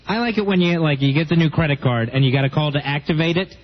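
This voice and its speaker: A man's voice: on the high side, fast. A man co-hosting a radio show, chatting casually and agreeably with a chuckling manner. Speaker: radio co-host. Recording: dull lo-fi radio broadcast.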